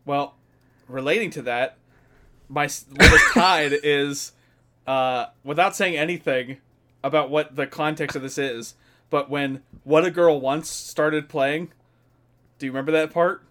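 A man's voice: a little high, unhurried, bright, forceful tone, a little hiss or hum. A man co-hosting a podcast in casual chat, laughing often and swearing as he retells scenes. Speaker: podcast co-host.

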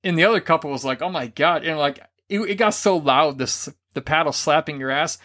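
Male podcast co-host, slightly higher voice, animated storyteller who acts out quotes. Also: fairly quick. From grew up Catholic. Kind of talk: casual storytelling chat.

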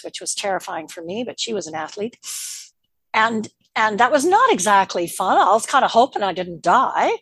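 A woman's voice: mid-range voice, dry recording. An older woman from the Canadian prairies, a guest telling personal stories in a conversation and acting out the voices she quotes. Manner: animated, acts out quoted voices. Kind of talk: casual storytelling.

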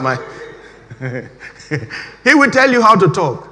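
Middle-aged man, high voice, animated repetitive sermon delivery. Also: unhurried, pauses often. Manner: animated, emphatic, repeats key phrases. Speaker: preacher. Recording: reverberant hall.

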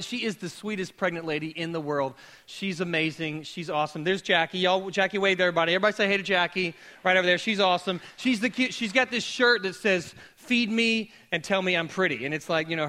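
A man giving a casual, joking sermon to a live congregation, telling stories in an animated way. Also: sits high. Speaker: pastor. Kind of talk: conversational sermon with humor. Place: church hall before a live audience.

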